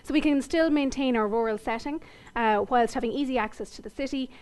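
Upbeat Irish businesswoman, fairly high voice. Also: fairly quick, darkish tone, smooth. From Ireland. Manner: upbeat, confident business talk. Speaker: tech company guest. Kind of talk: radio interview.

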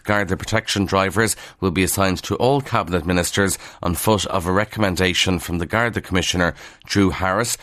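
A man with an Irish accent from Kildare, presenting a brisk morning newspaper review on radio with wry asides. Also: deep voice, fairly bright tone, no room sound, studio quality.

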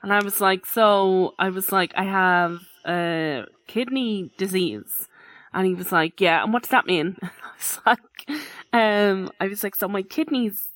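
Female podcast co-host, chatty and animated, acts out quoted dialogue in a story; dry, close sound. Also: medium pitch, a little slow, no echo. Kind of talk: casual chat.

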